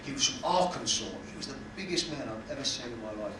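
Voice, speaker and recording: Heard from afar in an echoey room with background noise, a British comedian works a cruise ship cabaret lounge, mocking himself and ribbing the crowd. His mid-range voice is expressive and quick-paced.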